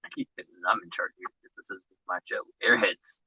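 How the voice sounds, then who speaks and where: A man's voice: lowish voice, steady tone, quick pace, bright, forceful tone, breathy edge, dry recording, muffled recording. A man co-hosting a casual podcast, joking around and sometimes putting on a wrestler voice. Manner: jokey, puts on a wrestler voice at times. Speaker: podcast co-host.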